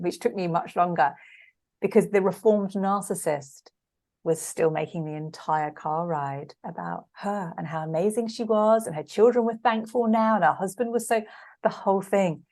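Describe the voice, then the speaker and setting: A woman with a slightly low voice speaks as a coach in a relaxed podcast conversation. She is earnest and emphatic and hammers her points home by repeating words. Her delivery stays conversational and direct. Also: creaky. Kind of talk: casual podcast interview.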